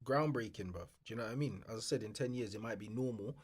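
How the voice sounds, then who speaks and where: Fast-talking young man. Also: fairly low pitch. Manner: quick, animated, slang-heavy. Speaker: podcast co-host. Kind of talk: casual chat.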